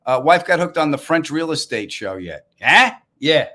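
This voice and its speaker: A man with a Long Island New York accent, a comedian hosting a casual live stream, telling stories in a wry, deadpan way with asides to viewers. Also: a little high, normal speed. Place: apartment room, indoors.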